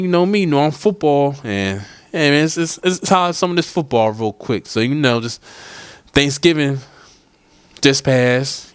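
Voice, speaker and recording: A man's voice: medium pitch, clear, resonant tone, no echo. A man hosting his own podcast in casual, loose chat that rambles with profane asides. He talks into a studio mic with headphones on. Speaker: podcast host.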